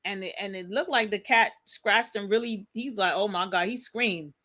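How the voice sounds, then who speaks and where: A woman co-hosting a casual live news recap show, retelling clips in animated slang. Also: medium pitch, moderate pace. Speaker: co-host.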